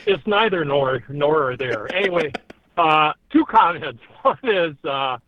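A man's voice: on the high side, expressive, unhurried, dry recording. A man calling in from his car, talking in a rambling way with frequent chuckles. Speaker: caller. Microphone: phone. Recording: tinny phone line.

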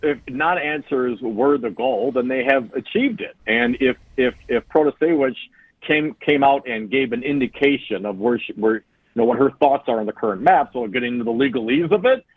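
A man hosting a casual talk radio show, relaxed and easygoing as he chats. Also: mid-range voice, normal speed, husky, dry recording, narrow, tinny audio.

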